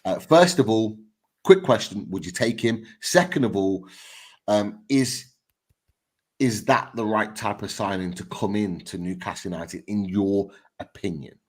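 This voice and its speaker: Husky low-voiced man hosting football chat. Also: measured pace. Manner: enthusiastic, chatty with many fillers. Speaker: podcast host.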